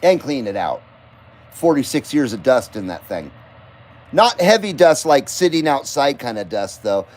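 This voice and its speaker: A man's voice: mid-range voice, big pitch swings, normal speed, a little mellow. A man hosting a late-night live stream, chatting loosely and cussing as he greets viewers by name and talks about his radio gear. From Nevada, US. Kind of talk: casual rambling live-stream chat.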